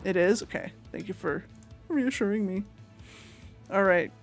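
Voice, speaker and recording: A woman streaming a game live, excitable and giggly as she chats with viewers and greets them. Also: mid-range voice, a little slow, vocal fry. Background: game music.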